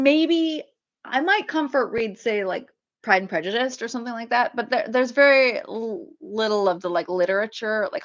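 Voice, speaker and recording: Woman, mid pitch, casual rambling livestream host, chatty with fillers; slightly muffled home stream audio. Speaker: author hosting a livestream.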